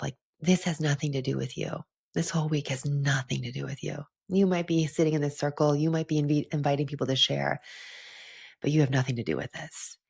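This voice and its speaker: A young woman talks alone into her podcast mic in a low, husky voice. She is earnest and heartfelt, and she fills her sentences with casual "like"s as she reflects. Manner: earnest, heartfelt, with frequent "like" fillers. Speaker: podcast host and retreat leader. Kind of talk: reflective solo podcast monologue.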